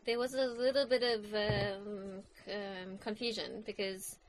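A woman's voice: mid-range voice, steady tone, unhurried, slight background noise, poor audio. A woman co-hosting a podcast in casual chat, adding to the story and finishing her partner's sentences. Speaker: podcast co-host.

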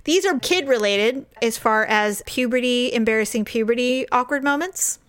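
A woman's voice: fairly high pitch, normal speed, smooth. A woman in her forties co-hosting a podcast, chatting casually with her sister and telling stories with lots of laughter. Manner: animated, laughing storyteller. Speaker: podcast co-host. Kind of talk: casual chat with a sibling.

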